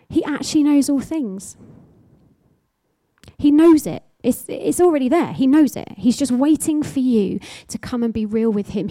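Warm, fervent woman preacher. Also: a little high, dry recording. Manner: passionate, emphatic exhortation with repeated phrases. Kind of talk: sermon.

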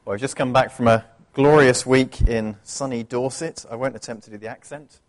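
A man's voice: medium pitch, fairly even intonation, normal speed. A man from England preaching a sermon in a chatty way, asking the congregation questions.

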